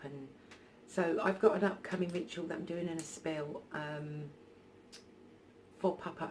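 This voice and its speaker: A woman's voice: sits low, darkish tone, a little hiss or hum. A woman telling a personal story in a casual vlog on her phone, hesitant and full of ums and restarts. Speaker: spiritual vlogger.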